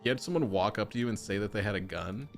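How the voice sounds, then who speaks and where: Gaming streamer, male, lowish voice, casual chatty commentary with excitable reactions, faint game music underneath. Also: quick pace, creaky. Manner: chatty, excitable oohs while browsing options.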